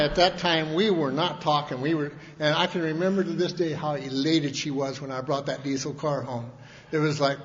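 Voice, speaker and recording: Rambling man in an echoing hall. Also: fairly high pitch. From Montana, USA. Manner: folksy and rambling, full of restarts and colloquial grammar. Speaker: speaker at a recovery convention. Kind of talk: personal recovery story told to an audience. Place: large convention hall. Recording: long hall reverb, dull lo-fi archival tape, faint hiss.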